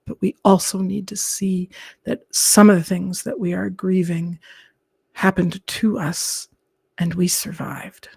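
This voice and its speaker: A woman speaks on a live stream in an unhurried, earnest way. Her voice carries a gravelly fry and sometimes sinks to a soft whisper. The sound is close and dry. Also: on the low side, dry recording. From Canada. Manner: gentle, earnest, drops into soft whispered asides. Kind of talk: calm reflective live-stream talk.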